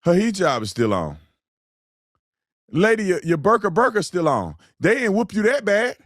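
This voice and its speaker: A man's voice: high-pitched, very animated, moderate pace, no echo, clean studio sound. Blunt, mocking male commentator. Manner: slangy, colloquial speech. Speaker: commentator reacting to video clips. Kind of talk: opinionated commentary.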